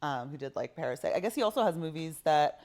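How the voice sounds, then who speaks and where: A woman co-hosting a podcast in casual chat, rambling and relaxed with many fillers. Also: low-pitched, quick pace. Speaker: podcast co-host.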